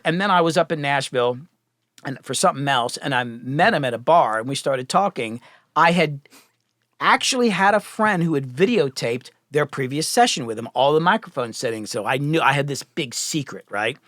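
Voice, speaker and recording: A middle-aged man, a music producer, tells stories as a guest on a podcast, talking quickly and acting out the voices of the people he quotes. His voice sits a little high for a man and swings widely in pitch. The recording is close and dry. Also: dry recording. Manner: animated, profane, acts out quoted voices. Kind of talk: casual storytelling.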